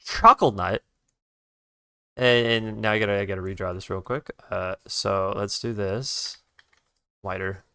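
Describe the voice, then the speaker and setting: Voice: sits low, fairly even intonation, a little slow, long pauses, bright, forceful tone, smooth, dry recording. An art streamer telling a road-trip story while drawing, ranting with lots of swearing and quoting other drivers. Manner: profane, ranting, retells the conversation in others' voices; restarts sentences while redrawing.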